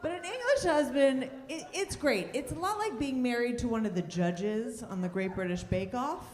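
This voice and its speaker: A woman's voice: fairly high pitch, lively intonation, moderate pace, some chatter behind. Sardonic woman comic in a roomy club. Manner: sardonic, dry punchlines. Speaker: stand-up comedian. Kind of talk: stand-up comedy set. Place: comedy club stage.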